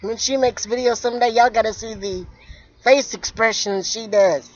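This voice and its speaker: A woman's voice: a little high, steady tone, normal speed, highs cut off. A woman vlogger chatting casually outdoors with her mother, laughing often as she tells stories. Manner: giggly, laughs often while telling a story. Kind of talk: casual chat.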